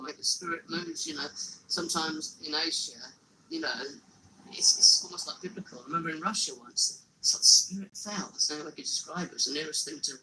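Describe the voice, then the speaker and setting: Brief: earnest male street evangelist, bright and a bit high, halting with repeats. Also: slight background noise, rough recording. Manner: earnest, often repeats and restarts words. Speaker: street evangelist who walks carrying a cross. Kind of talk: casual interview.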